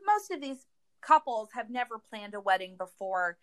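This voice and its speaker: Woman wedding planner, somewhat high voice, emphatic and chatty on a podcast. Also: big pitch swings, moderate pace, a bit bright. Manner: emphatic, conversational, gives advice. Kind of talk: casual podcast chat.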